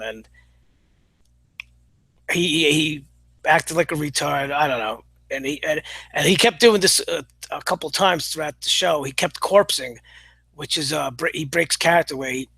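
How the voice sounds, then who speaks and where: A man giving a casual spoken review of a comedy show, blunt and opinionated, halting often with "uh" fillers. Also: on the high side, gravelly, pushed and bright, husky, no echo, rough recording. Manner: halting, full of pauses and "uh" fillers.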